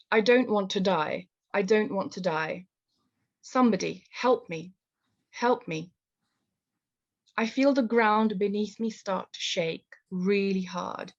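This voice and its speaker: A woman from Kashmir, telling a story live in a calm, measured way that turns hesitant and full of fillers when she talks freely. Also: lowish voice, muffled recording.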